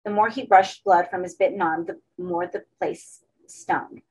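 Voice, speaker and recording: A woman reading a horror story aloud as an audiobook, in steady narration. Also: on the low side, measured pace, breathy edge, poor audio. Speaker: audiobook reader.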